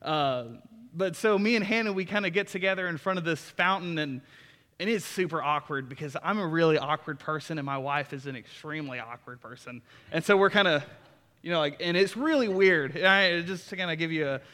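A man's voice: on the high side, brisk, pushed and bright, in a large hall. A young man preaching a sermon in an earnest, conversational way. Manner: earnest and conversational, with many restarts. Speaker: pastor. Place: church sanctuary.

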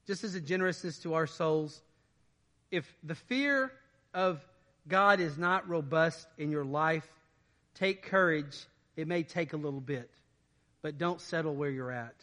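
A pastor preaches in a church, his voice pitched high and ringing bright and forceful. He reads the verses aloud, then breaks them down in plain, everyday talk. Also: measured pace. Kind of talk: sermon with scripture reading.

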